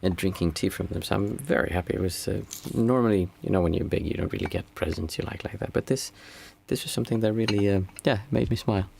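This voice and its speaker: A man's voice: low voice, vocal fry, a little mellow, a little hiss or hum. A man, a meditation teacher chatting casually and reflectively with viewers on a livestream. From Sweden. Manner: unhurried, reflective, reads out chat messages.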